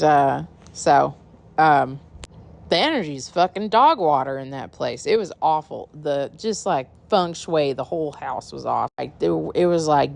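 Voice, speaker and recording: Low gravelly woman telling a story. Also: darkish tone. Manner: candid, profane, rambling. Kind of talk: casual storytelling.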